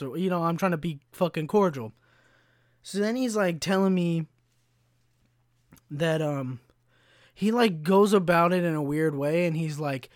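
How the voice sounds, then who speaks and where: A young podcast host in his twenties tells a rambling, profane story as a casual monologue, packed with likes and ums. His voice is on the high side, unhurried with frequent pauses, recorded at studio quality with no echo.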